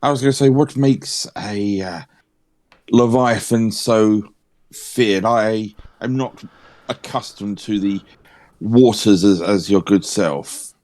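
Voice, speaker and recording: A man playing a halting young sellsword. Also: lowish voice, darkish tone. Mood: curious. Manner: halting, stumbling over his words. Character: hesitant young male sword-for-hire.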